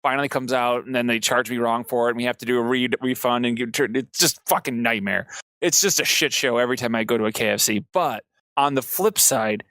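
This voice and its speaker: A man's voice: mid-range voice, fairly quick, a bit bright, dry recording. A man co-hosting a podcast, ranting in casual chat, swearing and acting out both sides of his stories. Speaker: podcast co-host.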